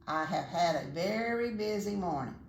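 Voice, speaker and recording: A woman's voice: fairly low pitch, lively intonation, moderate pace, slight background noise. An older woman voicing a sleepy reluctant dog. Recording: roomy echo.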